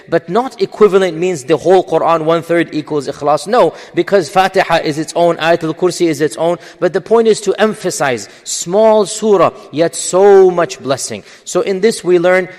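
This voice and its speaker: A man's voice: sits high, normal speed, few pauses, a little mellow, big-room sound. A man giving a religious lecture in English, explaining with emphasis and frequent fillers. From English-speaking. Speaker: Islamic lecturer.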